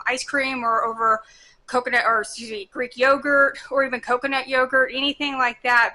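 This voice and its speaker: A woman's voice: high voice, sharp tone. A woman in her forties hosting a home cooking vlog, chatting in a bubbly, rambling way and correcting herself as she goes.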